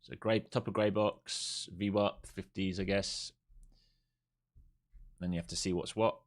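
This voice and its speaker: A man with a very deep voice talks through trades live on stream. He is casual and blunt, thinks out loud, repeats key points and swears freely. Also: fairly even intonation, a little slow. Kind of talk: live market commentary.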